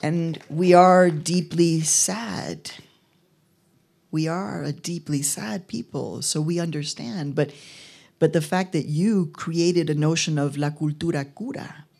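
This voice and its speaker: A woman in her fifties, from Mexico City and raised in Chicago, giving a keynote speech at an arts venue in a lively storytelling way, with frequent fillers. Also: sits low, slow pace, creaky. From born in Mexico City, grew up in Chicago. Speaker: keynote speaker. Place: arts venue event with a live audience.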